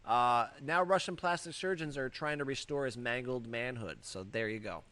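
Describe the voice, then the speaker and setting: A man's voice: medium pitch, normal speed, bright, forceful tone. A man hosting a casual comedy podcast, riffing loosely and laughing through odd stories. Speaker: podcast host.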